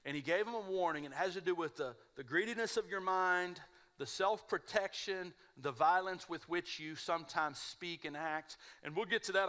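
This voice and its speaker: Bright-voiced animated male pastor. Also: high voice. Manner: animated storytelling, mimics others in mumbled voices. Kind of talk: sermon. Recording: live church service.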